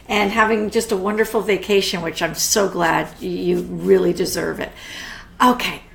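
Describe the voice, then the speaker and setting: Chatty woman with a gravelly edge. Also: medium pitch, a bit bright. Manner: chatty, greets viewers by name, frequent fillers and restarts. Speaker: art teacher hosting a live online class. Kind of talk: live-streamed casual art talk.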